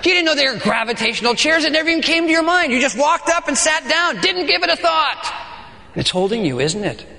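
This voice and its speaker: A man preaching a sermon in an animated way, reading scripture and acting out the voices of the people in it. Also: extremely high pitch, a little fast, gravelly, echoey room, big-room sound. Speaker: pastor.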